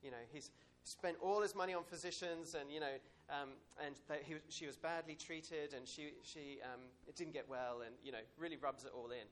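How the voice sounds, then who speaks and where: A man giving an informal sermon, talking it through in a relaxed, storytelling way. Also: fairly high pitch, normal speed, few pauses, a little hiss or hum. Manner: conversational, warm storytelling with soft asides and chuckles. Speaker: preacher.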